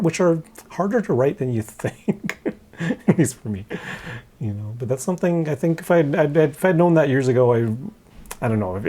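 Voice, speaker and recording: A man's voice: mid-range voice, mellow. A man co-hosting a songwriting podcast, talking casually in a roundtable and often restarting and repeating words. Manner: halting, repeats words often, laughs lightly.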